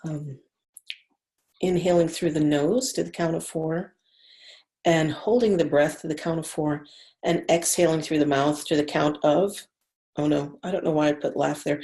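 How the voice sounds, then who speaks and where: Woman, gentle breathwork guide on a video call, deep voice, calm slow counting. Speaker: online class leader. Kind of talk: guided breathing and laughter class.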